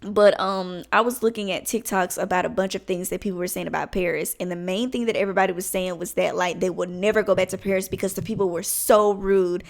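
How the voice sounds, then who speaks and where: A woman's voice: medium pitch, fairly even intonation, fast, vocal fry, few pauses. A young woman talking straight to camera in a casual vlog, candid and blunt, swearing freely and rambling as thoughts come to her. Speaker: vlogger.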